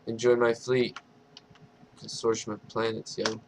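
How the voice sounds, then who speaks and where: A man's voice: medium pitch, level tone, moderate pace, slight background noise, rough recording. A man who streams games, chatting in a laid-back, drawling way and swearing casually. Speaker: game streamer. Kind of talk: casual gaming chat.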